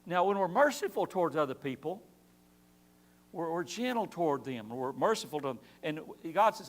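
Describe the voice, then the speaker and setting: Lively high-voiced man teaching Bible class. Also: moderate pace. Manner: animated preaching with rhetorical questions and acted-out quotes. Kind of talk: church Bible class lesson. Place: church.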